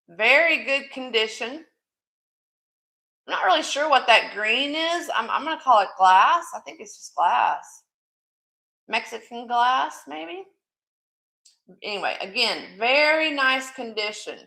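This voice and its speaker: A woman's voice: on the high side, bright, forceful tone, echoey room. A woman hosting a live jewelry sale stream, chatty and affectionate with her viewers, calling them sweetie. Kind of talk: live-stream selling chat.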